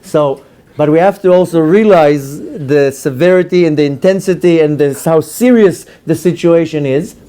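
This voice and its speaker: A man's voice: fairly high pitch, moderate pace, dark tone. A middle-aged man giving a rabbi's lecture, telling stories with acted-out quotes and jokes. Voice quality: storytelling with acted-out quotes, joking. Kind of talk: lively Torah lecture.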